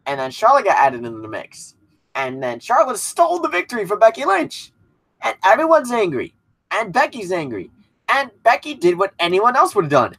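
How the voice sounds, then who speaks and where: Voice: mid-range voice, sing-song, normal speed, fairly bright tone. A wrestling show commentator giving a casual recap and opinion, passionate and blunt, with some swearing.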